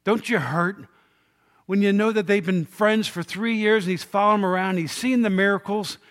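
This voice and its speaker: A man preaching a sermon, retelling scripture in an animated storytelling way and acting out the quoted lines. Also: high-pitched, normal speed. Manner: self-deprecating humor.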